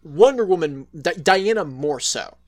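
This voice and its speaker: A man's voice: fairly high pitch, lively intonation, a little slow. A man co-hosting a casual podcast, rambling with many restarts and fillers and swearing freely. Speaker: podcast co-host. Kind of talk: casual chat.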